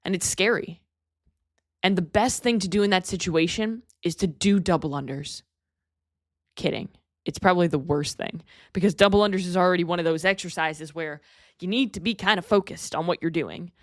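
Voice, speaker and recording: A young adult woman hosts a podcast in a fairly low voice at a moderate pace, recorded cleanly in a studio with no echo. She delivers a candid, earnest motivational monologue, swearing casually as she goes.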